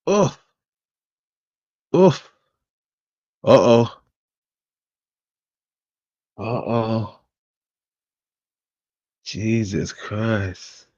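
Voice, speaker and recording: A man giving casual reaction commentary in profane, laughing, slow, drawling remarks. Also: mid-range voice, a little mellow, dry recording, dull audio.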